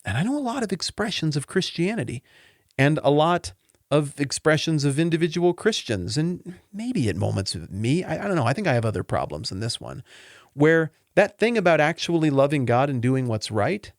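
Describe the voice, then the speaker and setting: Animated, earnest male Bible podcaster. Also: normal speed, no echo, clean studio sound. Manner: earnest, rambling and openly emotional; conversational with lively pitch swings. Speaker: podcast host and Bible teacher. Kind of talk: casual Bible teaching podcast.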